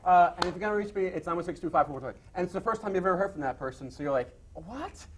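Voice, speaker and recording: A man on a casual talk show panel, telling stories in an animated, exasperated way. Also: high voice, racing.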